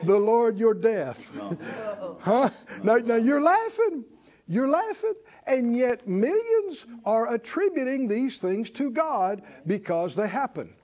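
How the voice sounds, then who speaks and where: A man preaches a sermon with a high-pitched voice. He talks in rhythmic call-and-response, rising to bursts of emphasis and then dropping low and soft. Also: big pitch swings, slow.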